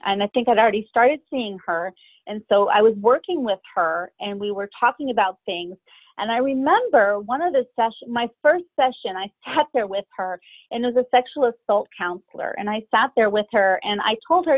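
A middle-aged woman telling her own story as an interview guest, hesitant and pausing often between her thoughts. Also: on the high side, animated, no echo. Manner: hesitant, many pauses and fillers. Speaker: guest sharing personal story. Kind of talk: candid personal storytelling. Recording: tinny phone-like line, dry.

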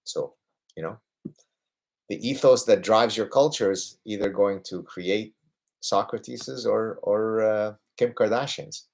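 Answering viewers on a livestream Q&A, this host in his fifties has a lowish voice with vocal fry and an unhurried delivery. He speaks emphatically, often adding a rhetorical "right?", and perks up when his passions come up.

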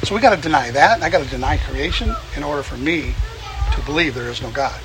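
A man's voice: a little high, fast talker. A man preaching outdoors in a folksy, chuckling way, repeating his phrases for emphasis. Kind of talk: outdoor sermon. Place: outdoors among birds. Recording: noisy outdoor recording.

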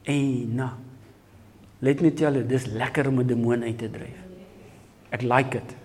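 A man preaching a sermon, emphatic and energetic, switching between two languages. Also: mid-range voice, unhurried, a little hiss or hum.

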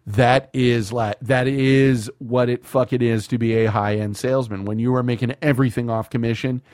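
A man's voice: mid-range voice, steady tone, normal speed, darkish tone, no echo, clean studio sound. A man hosting a podcast, telling rambling, profane stories in casual chat. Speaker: podcast host.

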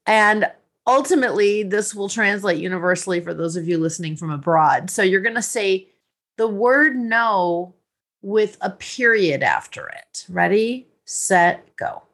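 Husky woman podcast host and coach, brisk and teasing, gives orders. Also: medium pitch. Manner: lively, teasing, directive.

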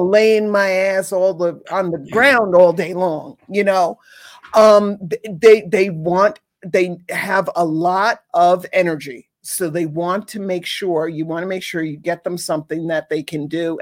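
A woman's voice: on the low side, unhurried. A woman reviewing pet toys in a casual chat, rambling and enthusiastic with many restarts.

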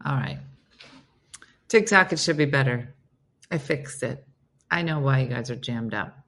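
A woman's voice: very deep voice, lively intonation, a little slow, fairly bright tone. A woman hosting a casual morning livestream, chatting playfully with viewers and her dog. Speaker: livestream host. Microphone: phone.

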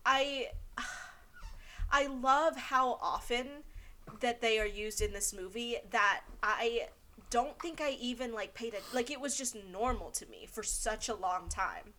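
A woman co-hosting a podcast in casual chat, excitable and gushing, with lots of fillers and laughter. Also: a little high, unhurried. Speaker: podcast co-host.

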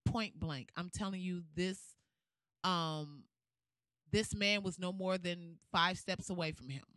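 A woman's voice: on the low side, takes it slowly, a bit bright, no echo. A woman giving casual ranting commentary in a blunt, profane, fired-up way.

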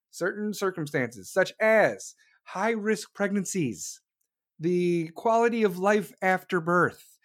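Woman livestream host, blunt sarcastic opinion rant, swears freely, mocks others in quoted voices. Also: medium pitch. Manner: mocking mimicry in quoted voices.

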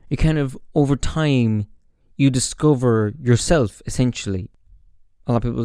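A man hosts his own podcast, rambling reflectively into the microphone in a casual monologue full of fillers and restarts. His mid-range voice has a darkish, clean tone, and the studio-quality recording has no room sound.

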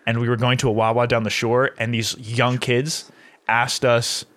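A man's voice: mid-range voice, flat delivery, normal speed, a bit bright. Young man in laid-back, laughing chat. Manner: laughs often, swears freely, tells stories with acted-out quotes. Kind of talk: casual chat.

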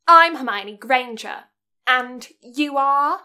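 A woman impersonating a bossy, know-it-all schoolgirl witch, slow and indignant. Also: sits high, animated, sharp tone, full character voice.

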